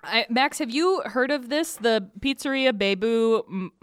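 A woman's voice: a little high, animated, unhurried, clean tone, dry recording. A woman hosting a casual chat, upbeat as she leads a food tasting. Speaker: host.

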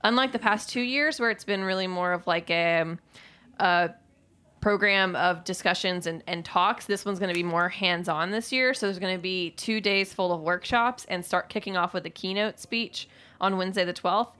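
A woman's voice: fairly low pitch, moderate pace, pushed and bright, smooth. A young woman hosting a radio show in a studio, chatting casually and laughing often. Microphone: studio microphone.

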